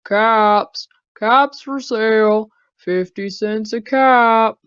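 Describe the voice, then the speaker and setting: A woman voicing an exasperated grown male cap peddler who scolds in a raised, shouting voice, on a slightly dull lo-fi recording. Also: fairly high pitch, big pitch swings, slow pace, dry recording, voice pushed up. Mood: calling out.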